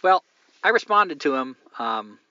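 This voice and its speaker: A man's voice: a little high, big pitch swings, measured pace, pushed and bright, muffled recording. A man hosting a podcast, musing aloud at length in a casual, rambling way with many fillers. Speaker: podcast host.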